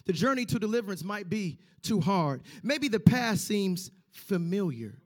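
High-voiced man preaching emphatically. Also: sing-song, measured pace. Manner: emphatic, repeats lines for stress, acts out quoted voices. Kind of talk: sermon.

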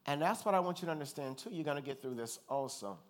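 A man from Louisiana, a pastor, preaching in a conversational, animated way with joking asides and calls for the congregation to respond. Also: a little high, fast talker. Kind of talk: conversational sermon.

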